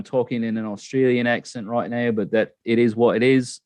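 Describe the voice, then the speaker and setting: A man's voice: mid-range voice, steady tone, brisk, few pauses, darkish tone, clear, resonant tone, dry recording. Rambling, dry-voiced man telling a story. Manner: rambling storyteller, many restarts and fillers. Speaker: channel host. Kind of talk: casual live-stream chat.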